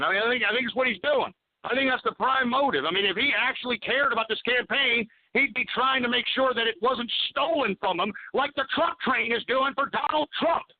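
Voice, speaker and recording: High-voiced man ranting on talk radio. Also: no echo. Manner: profane, angry ranting. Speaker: radio show host. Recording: tinny phone-like sound.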